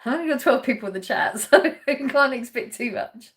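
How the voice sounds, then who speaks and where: A woman's voice: high voice, animated, measured pace. English lady chatting on her live stream, laughing a lot and reading out chat comments. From England. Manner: chatty, laughs often, teasing viewers. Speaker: livestream host.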